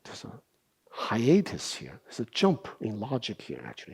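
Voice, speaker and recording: A middle-aged meditation teacher gives a Buddhist dharma talk, explaining things unhurriedly, posing rhetorical questions and often tacking on "right?". His medium-pitched voice swoops wildly in pitch and is a little mellow with a breathy edge.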